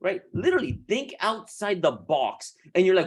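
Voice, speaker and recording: A man coaching beauty professionals in a casual, animated way, laughing often and restarting his sentences. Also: high voice, moderate pace, hardly any pauses, slightly rough.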